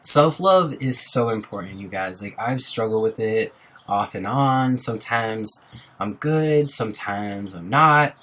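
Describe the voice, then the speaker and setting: In a lowish, fairly bright voice with lively intonation, a little slow, a young livestream host talks earnestly and supportively to his audience. He chats casually and reads their names aloud.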